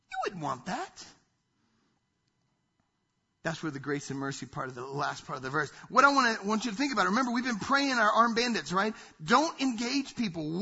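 A male pastor preaching a sermon, animated, acting out quoted voices and dropping to hushed asides. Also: high-pitched, husky, muffled recording. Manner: animated preaching, acts out quoted voices, drops to near-whispers.

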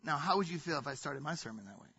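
A man preaches a sermon in a high, bright voice with a husky edge, speaking emphatically and conversationally and often dropping to a hush. His delivery is expressive and racing, and the recording sounds dull and lo-fi.

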